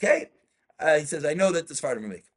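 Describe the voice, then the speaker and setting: Rabbi guy with a high voice running a study class, reads texts out and explains, cuts in to slow people down. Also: sing-song, slightly rough. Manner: reads Hebrew texts aloud and explains them, asks students questions. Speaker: rabbi teaching Jewish law.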